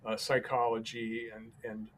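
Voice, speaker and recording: A man, a podcast guest, telling a personal story in a calm, halting way with many pauses and restarts. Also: mid-range voice.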